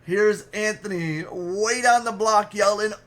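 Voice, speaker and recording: A man telling a wild story in a casual, animated and profane way. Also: sits high, unhurried. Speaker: storyteller, streamer.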